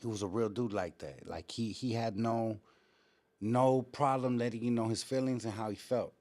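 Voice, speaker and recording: A man hosting a live show and telling stories in a slangy, profane, animated way. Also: medium pitch, normal speed. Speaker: host. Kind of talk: casual live-stream storytelling.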